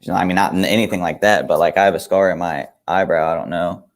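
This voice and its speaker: Brief: male co-host, deep voice, relaxed and rambling. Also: fast talker. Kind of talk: casual chat.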